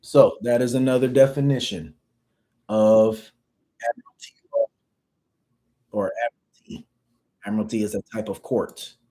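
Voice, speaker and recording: A man's voice: fairly low pitch, normal speed, pauses often, warm tone, poor audio. Slangy man lecturing casually. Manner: conversational, slangy, repeats phrases for emphasis. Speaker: livestream teacher. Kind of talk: casual lecture reading from dictionaries.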